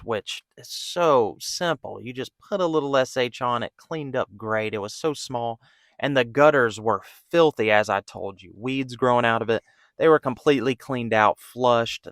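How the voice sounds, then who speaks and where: A man's voice: medium pitch, a bit bright, smooth, dry recording, studio quality. A man who runs a pressure washing business telling a story in a candid, casual way, acting out the back-and-forth in his own voice. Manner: candid, conversational, acts out quoted dialogue.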